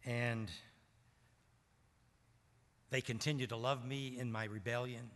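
An older man from Maryland preaches a sermon, telling stories and acting out the dialogue. His voice is bright and cutting. A long church reverb trails every phrase. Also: medium pitch, fairly even intonation, slow pace. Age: 70s. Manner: storytelling, acts out quoted dialogue. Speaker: pastor.

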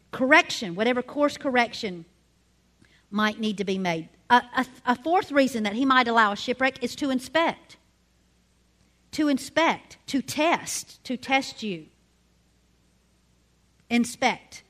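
A middle-aged woman teaching a women's ministry sermon, emphatic, slowly spelling out key words letter by letter. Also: on the high side, expressive, fairly bright tone.

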